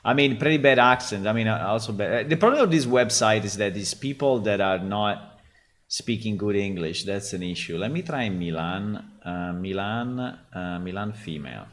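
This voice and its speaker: A man's voice: lowish voice, expressive. Italian man thinking aloud. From Italy. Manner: thinking aloud, halting, many restarts. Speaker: game developer host. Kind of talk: casual screen-share talk.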